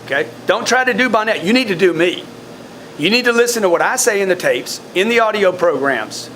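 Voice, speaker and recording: A man coaching his sales team in a blunt, forceful way, often repeating words. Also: high voice, lively intonation, fairly quick, a little hiss or hum. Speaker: sales trainer.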